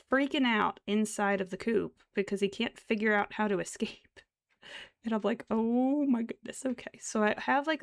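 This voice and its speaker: A young woman streamer chatting casually while she crochets, rambling along with soft laughs and half-whispered asides. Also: mid-range voice, gravelly. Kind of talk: casual chat while crafting.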